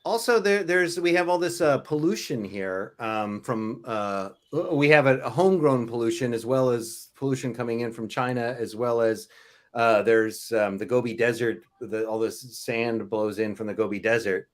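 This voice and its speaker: Hesitant man in a mid-pitched voice. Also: normal speed. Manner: hesitant, many fillers. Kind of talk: casual chat.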